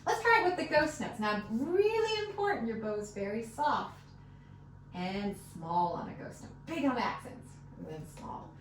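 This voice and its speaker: A fiddle teacher with a sing-song, somewhat high voice speaks at normal speed, counting beats and patiently encouraging her student over the sound of fiddle playing. The one-on-one lesson is recorded from afar in an echoey room, with a little hiss or hum.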